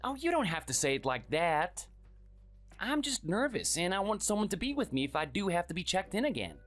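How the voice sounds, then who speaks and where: In a sing-song, slightly bright voice, a man speaks fairly quickly as a timid, sickly thirtysomething husband, pleading meekly and apologetically at a raised pitch. It's dramatized dialogue and first-person narration with faint background music.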